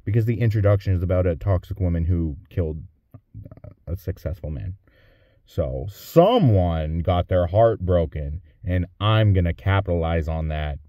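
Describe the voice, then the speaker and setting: A man's voice: deep voice, dark tone, no echo, studio quality. A man who is a powerlifter and audiobook narrator, talking in a casual vlog with a wry, joking, self-deprecating manner.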